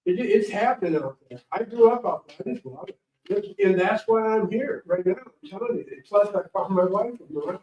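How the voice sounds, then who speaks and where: A man's voice jumps high and low as he rambles through stories to a live audience. He sounds far from the mic in a roomy space, and the recording is a little dull. His pitch sits high for a man. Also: moderate pace. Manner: rambling, animated, anecdotal. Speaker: guest speaker, morel hunting champion. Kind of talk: casual storytelling talk to an audience. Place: library meeting room.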